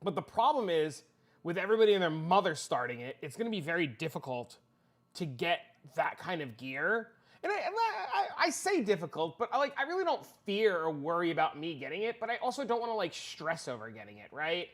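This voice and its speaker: A man's voice: high-pitched, huge pitch swings, a little fast, a bit bright. A man livestreaming, chatting casually with his viewers in a rambling, profane way, often repeating himself.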